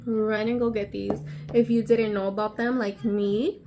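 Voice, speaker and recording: A woman vlogger unboxing on camera, excitable and gushing, gasping often and sometimes dropping to a breathy whisper. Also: mid-range voice, a little slow, music in the background. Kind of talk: casual unboxing vlog.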